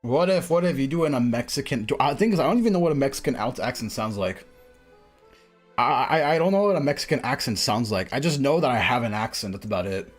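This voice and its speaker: A man streaming a game, chatting casually in a rambling way, full of fillers and quick laughs. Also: mid-range voice, expressive, faint music behind. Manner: rambling, filler-heavy, laughs often, says "bro" and "freaking". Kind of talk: casual live-stream chat while playing.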